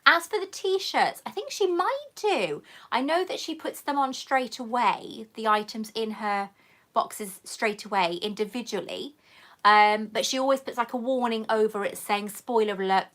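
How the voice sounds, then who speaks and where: A woman's voice: mid-range voice, normal speed, a bit bright. A woman hosting a casual live chat, reading viewer comments aloud and calling people darling. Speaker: YouTube host answering live chat questions.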